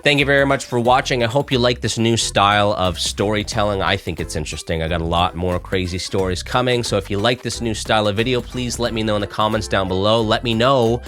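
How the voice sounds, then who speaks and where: Male host, low voice stuffed up with a cold, casual storyteller, faint music bed. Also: fairly quick, few pauses. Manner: relaxed, conversational, rambling asides. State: nasal from a cold.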